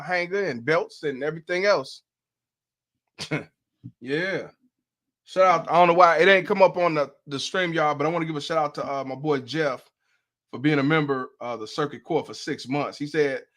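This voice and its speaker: A man's voice: on the high side, fairly bright tone. A man hosts a live stream, reacting to a played clip with loose, profane commentary. He laughs often and speaks bluntly in a slightly raised voice. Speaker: host.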